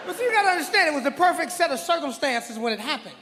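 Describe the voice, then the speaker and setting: A man's voice: very high voice, sing-song, racing, hardly any pauses, background noise. A man, a guest on stage, telling a story in an easygoing, laughing manner. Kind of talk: live stand-up storytelling. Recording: live hall with crowd.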